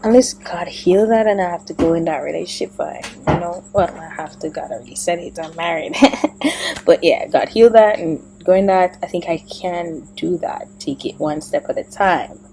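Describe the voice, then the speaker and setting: A woman talking casually to camera in a personal vlog, rambling and thinking aloud, with soft murmured asides. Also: on the low side, moderate pace, soft background music, poor audio. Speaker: vlogger.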